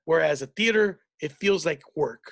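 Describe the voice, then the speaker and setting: Gravelly high-voiced man telling stories. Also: lively intonation, moderate pace, a bit bright, dry recording, clean studio sound. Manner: profane, rambling storytelling with many restarts. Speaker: podcast host and comedian. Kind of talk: casual chat.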